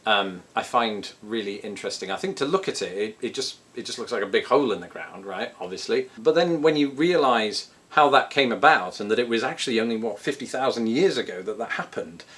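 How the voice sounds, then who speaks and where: British vlogger, jokey and self-mocking, pitch bouncing up and down a lot. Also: male voice, expressive, brisk, few pauses, a bit bright. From Britain. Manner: joking, self-deprecating asides. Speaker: vlogger answering viewer questions. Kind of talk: casual chat to camera.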